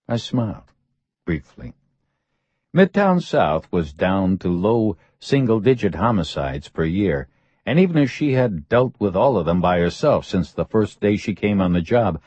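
A man reading a first-person audiobook in a measured, matter-of-fact way. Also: low-pitched, darkish tone, breathy edge, no room sound, highs cut off. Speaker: audiobook narrator.

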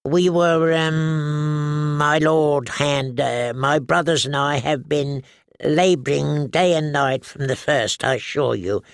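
A man reading an audiobook, voicing a nervous male alchemist with a squeaky, halting voice full of hesitations. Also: steady tone, vocal fry, clean tone, no echo, clean studio sound. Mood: flustered.

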